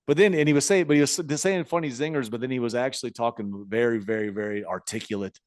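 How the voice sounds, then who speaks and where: Excitable male podcast co-host spinning stories, mid-pitched voice, dry close sound. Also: fast, dry recording. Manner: animated storyteller, many restarts and laughs. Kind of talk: casual chat.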